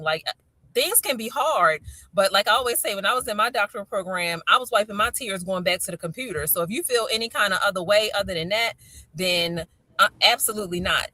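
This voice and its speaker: A middle-aged woman with a Baltimore accent, hosting a casual chat and telling stories with lively acted-out quotes. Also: mid-range voice, brisk, no echo. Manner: animated storyteller, acts out quotes. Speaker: podcast host.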